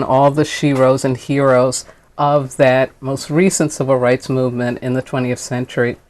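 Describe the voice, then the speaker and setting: A woman's voice: extremely low pitch, darkish tone. A woman hosting a spiritual radio talk, speaking earnestly and reverently, reading aloud with emphasis and leading a prayer. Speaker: host and spiritual teacher.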